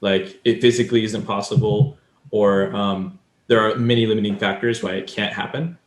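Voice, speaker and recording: Low-voiced man explaining, echoey room. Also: steady tone, normal speed. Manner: explains at length, acting out example lines. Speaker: podcast co-host. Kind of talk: casual chat.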